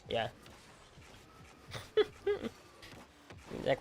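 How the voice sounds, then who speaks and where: A male gaming streamer talking casually through a game session. He rambles, repeats phrases, and drops slang like "bro" and "freaking" in animated, loose chatter at a mid-range pitch. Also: slow pace, long pauses, a little hiss or hum. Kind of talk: casual livestream chat while playing.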